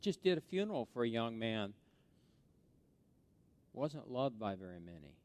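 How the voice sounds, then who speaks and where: A middle-aged man delivers a sermon full of personal stories in a mid-range voice. He drops to near-whispers for asides, then climbs high and loud when he gets excited. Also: moderate pace. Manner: storytelling, swings from hushed asides to loud excited peaks. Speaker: pastor.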